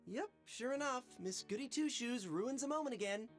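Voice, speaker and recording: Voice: mid-range voice, lively intonation, moderate pace, soft background music, lightly acted. An actor voicing a sneering, mocking teenage boy in a video game, taunting and cold. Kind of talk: game voice acting.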